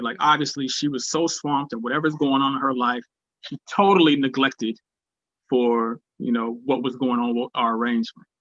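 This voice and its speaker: A man giving a spiritual talk, telling a personal story in an animated way and acting out the voices of people in it. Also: medium pitch, no room sound, lo-fi sound. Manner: animated, acts out quoted voices. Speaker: speaker at a spiritual gathering.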